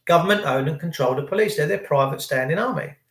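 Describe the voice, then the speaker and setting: Vlogger, high male voice, ranting and emphatic, echoey room. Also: fast, a bit bright. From England. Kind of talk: casual monologue to camera.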